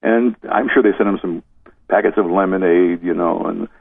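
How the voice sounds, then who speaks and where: Over a dry, tinny phone connection, an older man who was formerly a DJ reminisces in an interview, telling rambling stories punctuated by chuckles. He speaks at a moderate pace in a low voice that has vocal fry and a breathy edge.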